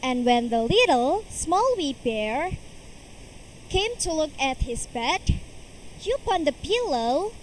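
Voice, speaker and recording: A woman's voice: high-pitched, slight background noise, poor audio. A young woman, performing a fairy tale as a storytelling contestant at a school competition. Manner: slow, expressive storyteller's delivery.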